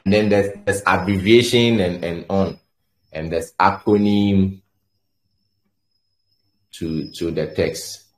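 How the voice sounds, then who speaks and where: A man's voice: low voice, steady tone, takes it slowly, pauses often. A man giving a coding tutorial, explaining step by step and thinking aloud, often stumbling and repeating words as he types. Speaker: coding instructor. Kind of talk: screen-share tutorial explanation.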